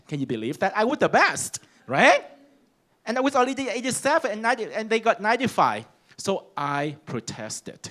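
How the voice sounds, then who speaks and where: A middle-aged man with a Vietnamese accent, giving a humorous personal speech to an audience as a panel speaker, animated and bursting into loud emphatic exclamations. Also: on the high side. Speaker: panel speaker, school principal.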